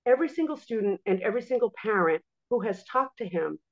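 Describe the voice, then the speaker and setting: A woman guest in a casual interview, telling stories in a lively way and acting out what others say. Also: medium pitch, fast. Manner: animated storyteller, acts out quotes. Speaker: guest, music teacher and entrepreneur. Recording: dull lo-fi audio.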